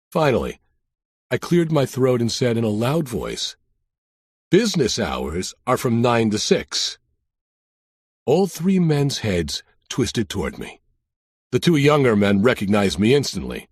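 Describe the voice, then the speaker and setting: A man's voice: medium pitch, very animated, normal speed, a little mellow, dry recording. A man narrating a crime audiobook in the first person, with a dry, wry storytelling manner.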